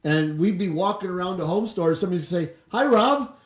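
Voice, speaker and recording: A man's voice: high voice, steady tone, fast talker, darkish tone. A man hosting a business podcast, talking casually and rambling with many restarts before he asks a question. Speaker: podcast host, home inspector. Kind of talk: casual interview chat. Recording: echoey room.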